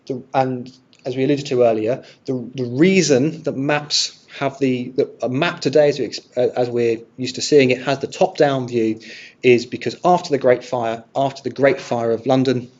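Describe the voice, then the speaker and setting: A man with a husky voice gives a friendly lecture to a live audience, pausing and restarting as he thinks aloud. The sound is dull and lo-fi. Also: mid-range voice, steady tone, darkish tone. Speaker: archive presenter giving a talk. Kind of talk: illustrated lecture with audience questions.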